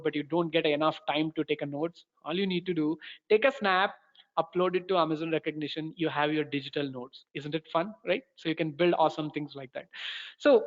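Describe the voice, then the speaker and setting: A man with an Indian English accent walks through a software demo in a webinar, talking in halting bursts full of restarts. His voice sits fairly high for a man. The sound is dull and lo-fi, with a long roomy reverb. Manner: halting, many fillers and restarts. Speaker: course instructor.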